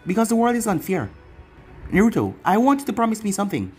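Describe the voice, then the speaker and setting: The story's narrator voicing a loving, protective mother who heads a ninja clan, reading a fan fiction aloud in a gentle, earnest manner. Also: medium pitch, sing-song, quick pace, husky, soft background music.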